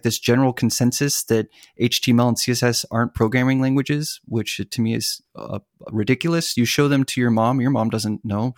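A man talking as a guest in a conversational interview, animated and acting out what other people say. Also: medium pitch, no echo, clean studio sound. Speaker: podcast guest, web developer.

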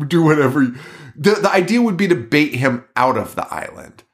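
A man's voice: on the high side, big pitch swings, moderate pace. A man co-hosting a horror podcast in casual chat, ranting with lots of swearing and laughter. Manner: profane, ranting, laughing often. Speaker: podcast co-host.

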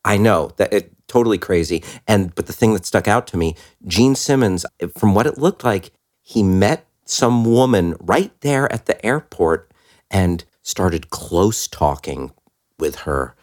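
A man's voice: low-pitched, lively intonation, a little slow, darkish tone. A man co-hosting a film podcast in laid-back, wry casual chat.

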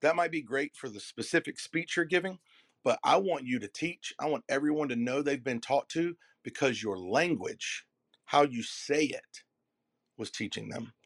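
A man delivers a motivational keynote with a preacher's rhythm, leaning hard on key words and letting dramatic pauses hang before repeating a phrase. His voice sits in an ordinary middle register and sounds dry and close, with almost no room echo. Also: medium pitch. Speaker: keynote speaker and messaging coach. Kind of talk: motivational keynote to a live audience.

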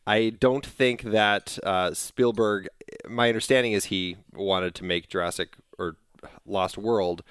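A man's voice: on the low side, steady tone, unhurried, a bit bright, clear, resonant tone, dry recording. A man co-hosting a film podcast, talking thoughtfully with some hesitation. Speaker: podcast co-host. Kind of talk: casual film discussion.

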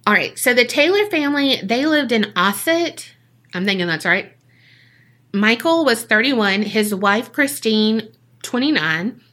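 A woman's voice: a little high, animated, measured pace, a bit bright. A woman co-hosting a podcast, telling a true-crime case in a casual, jokey way and acting out the people she quotes.

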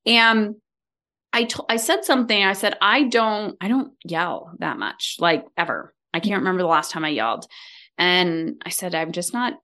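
A middle-aged woman speaks as a coach on a podcast, acting out the voices in her stories. Her pitch sits in the middle and swings freely as she talks. She moves from close, warm advice to animated re-enactments. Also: normal speed. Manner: animated storytelling, acts out quoted lines. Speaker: podcast guest, leadership coach. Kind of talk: conversational interview.

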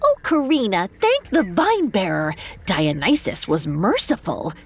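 A woman voicing the smallest of the bat sisters, gentle and comforting in a storybook tale. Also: mid-range voice, wildly swooping pitch, unhurried, breathy edge, exaggerated voice. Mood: relieved.

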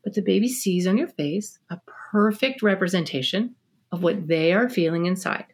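A middle-aged woman, a parenting expert guest on a podcast interview, explaining in an energetic, animated way and acting out little scenes between parents and children. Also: on the low side, moderate pace.

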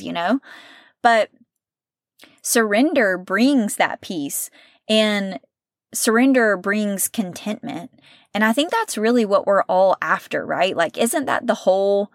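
A woman hosting a faith-based podcast, talking in an earnest, conversational way, often checking in with "right?" and sometimes slowing and softening as she gets emotional. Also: medium pitch, no echo, clean studio sound. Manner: earnest, conversational, with frequent "right?" and "you know". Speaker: podcast host.

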